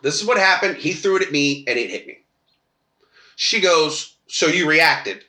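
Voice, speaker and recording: A man's voice: a little high, lively intonation, normal speed, pushed and bright, echoey room. A man on a casual podcast telling a long personal story, acting out quoted voices and swearing freely. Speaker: podcast co-host.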